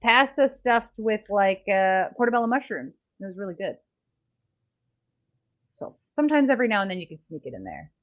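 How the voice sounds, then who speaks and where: A woman's voice: mid-range voice, big pitch swings, moderate pace, highs cut off. A Canadian woman co-hosting a podcast, chatting casually in a rambling, self-deprecating way. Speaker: podcast co-host. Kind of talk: casual chat.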